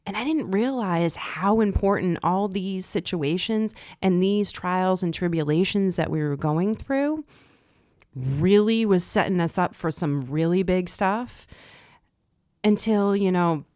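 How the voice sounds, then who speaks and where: A middle-aged woman with a Boston accent, telling stories on a podcast and acting out quotes with sudden jumps in pitch and loudness. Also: a little slow, no echo, clean studio sound. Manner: animated, acts out quotes with jumps in pitch and volume. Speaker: podcast host. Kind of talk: casual storytelling chat.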